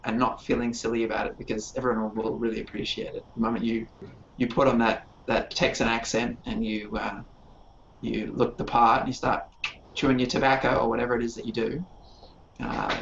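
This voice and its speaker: A man's voice: mid-range voice, creaky, a little hiss or hum. A man who designs games, chatting enthusiastically on a podcast panel and telling stories about his players. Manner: enthusiastic, storytelling, rambling. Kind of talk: casual panel discussion. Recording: dull lo-fi recording.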